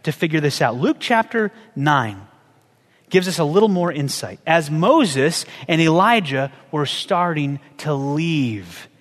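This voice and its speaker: Male pastor, high-pitched, conversational sermon delivery with lots of questions, long hall reverb. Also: sing-song, unhurried. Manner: conversational preaching with rhetorical questions.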